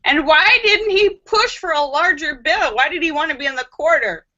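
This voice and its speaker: A woman's voice: high voice, moderate pace, bright, forceful tone, muffled recording. A woman hosting a casual live stream and reading viewer comments aloud, playful and sassy, with frequent laughter and joking asides.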